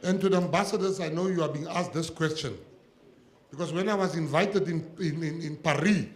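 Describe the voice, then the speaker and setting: A man's voice: on the high side, a little fast. A South African man, a government minister, giving a humorous speech and telling jokey stories to a laughing audience. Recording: echoey hall with audience laughter.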